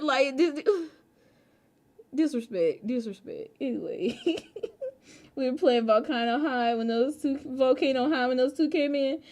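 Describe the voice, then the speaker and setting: A woman streaming a game from home, chatting casually with her viewers in an animated, slangy way. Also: high-pitched, unhurried, long pauses. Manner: animated, slangy, bursts into laughter.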